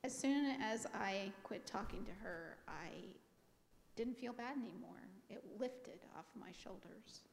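A middle-aged woman giving a personal testimony to a congregation with lively, expressive storytelling. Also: a little high, a little slow, vocal fry, slight background noise. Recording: long reverb of a large hall.

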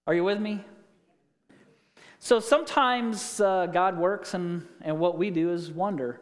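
High-voiced pastor preaching in a reverberant hall. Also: male voice, a little slow. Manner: conversational preaching with scripture reading and anecdotes. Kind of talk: sermon.

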